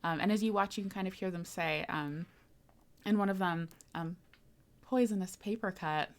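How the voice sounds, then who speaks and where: A woman's voice: lowish voice, steady tone, normal speed. A woman narrating as game master, easygoing, with frequent fillers and laughs.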